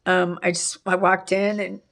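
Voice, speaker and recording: A middle-aged woman telling a painful personal story in an interview, halting and full of restarts. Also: lowish voice, flat delivery, creaky, fairly bright tone. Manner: halting, with many restarts and fillers. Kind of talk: emotional personal testimony.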